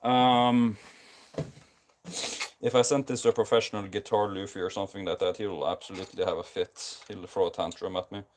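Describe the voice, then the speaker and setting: A man's voice: deep voice, steady tone, quick pace, hardly any pauses, a little hiss or hum. A tired man with a Scandinavian accent, rambling casually with many ums and restarts while building a guitar live. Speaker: streamer. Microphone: basic non-professional mic.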